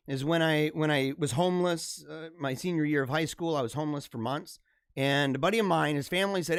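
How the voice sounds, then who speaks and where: A man in his thirties runs a casual live stream from his computer, rambling energetically and laughing a lot. His slightly high voice is brisk and smooth. The sound is dry and close, with no room sound.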